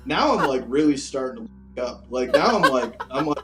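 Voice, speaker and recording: A man's voice: mid-range voice, big pitch swings, fairly quick, few pauses, reverberant, distant mic, rough recording. Casual male guest, rambling and crude, recorded off-mic with faint music behind. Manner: rambling, profane, lots of "like" fillers. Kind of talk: casual storytelling.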